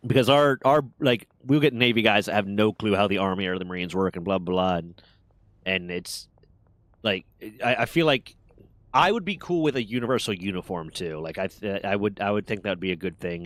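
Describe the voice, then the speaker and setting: A man streaming a game, chatting casually and telling an animated story with a lot of swearing. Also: sits low, a little fast, no room sound. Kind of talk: casual gaming chat.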